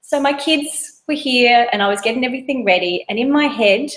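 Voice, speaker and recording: Earnest mum explaining mindfulness, roomy sound. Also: female voice, on the high side, fairly quick, a bit bright. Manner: earnest, conversational, explains with everyday examples. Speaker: mindfulness course guest. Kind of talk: casual webinar talk. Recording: roomy echo.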